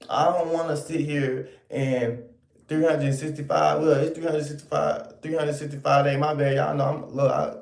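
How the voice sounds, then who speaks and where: Sassy man ranting with a gravelly voice. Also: a little high, darkish tone, echoey room. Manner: sassy, scolding, repetitive. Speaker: online commentator. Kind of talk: ranting commentary to viewers.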